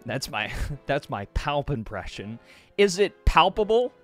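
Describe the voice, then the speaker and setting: A man streaming a shooter game, excitably exclaiming and chatting with his viewers. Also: a little high, measured pace, soft background music. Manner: excitable, exclaiming, talks to chat. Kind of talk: casual gameplay livestream commentary.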